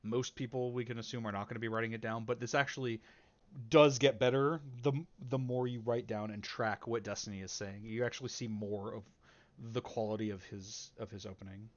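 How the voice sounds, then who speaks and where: A man's voice: on the low side, steady tone, brisk, dull audio. A man hosting a debate reaction video in casual commentary, rambling with many fillers and self-corrections. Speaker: reaction channel host.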